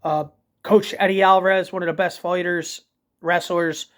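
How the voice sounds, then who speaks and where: A man with a thick Philadelphia accent rambles through a casual late-night vlog rant. His voice sits high for a man, and he strings thoughts together with constant fillers and self-corrections. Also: little pitch movement, normal speed, fairly bright tone. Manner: rambling, heavy with "like" fillers and restarts. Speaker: vlogger and DJ.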